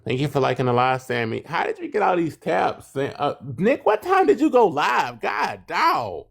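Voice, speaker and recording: Lively-pitched man chatting on a live stream. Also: moderate pace, gravelly. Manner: playful, acts out quotes in a raised voice. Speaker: livestream co-host. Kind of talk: casual chat.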